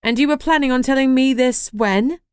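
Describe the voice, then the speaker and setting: A woman voicing a brisk, no-nonsense young witch who speaks curtly, in an audiobook reading. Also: medium pitch, sing-song, no room sound, studio quality, close to an everyday voice. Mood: indignant. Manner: curt and brisk.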